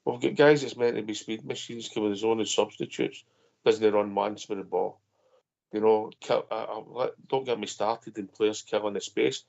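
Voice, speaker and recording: A man's voice: lowish voice, steady tone, moderate pace, creaky, a little mellow. A man hosting a football phone-in, giving a blunt, frustrated match review and calling his co-host mate. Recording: dull lo-fi audio.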